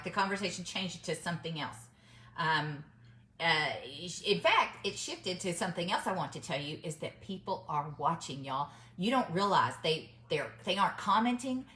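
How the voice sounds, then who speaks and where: A woman's voice: on the low side, a bit bright, roomy sound. A middle-aged woman, telling a story to her viewers in a chatty, emphatic way and calling them y'all. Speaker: vlogger giving business mindset advice. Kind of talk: casual storytelling to camera.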